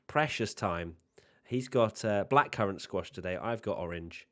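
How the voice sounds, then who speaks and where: A man's voice: on the low side, expressive, a little slow. A man co-hosting a live stream in casual chat, teasing and sarcastic. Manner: playful, teasing, sarcastic asides. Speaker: co-host of a live watchalong stream.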